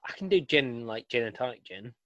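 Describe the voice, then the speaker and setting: A man's voice: mid-range voice, animated, brisk, bright, forceful tone, dull audio. A man co-hosting a podcast, teasing his friends in casual banter. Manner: dry teasing. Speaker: podcast co-host.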